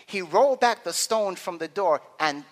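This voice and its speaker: High-pitched male preacher in a reverberant hall. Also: lively intonation, normal speed. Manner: dramatic, swings from low murmurs to loud climaxes. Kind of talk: sermon.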